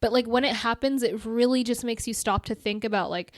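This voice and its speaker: Chatty woman guest, bright voice. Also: on the high side, brisk, no room sound, studio quality. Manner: chatty, lots of "like" and "you know". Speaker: guest content creator. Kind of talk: casual podcast interview.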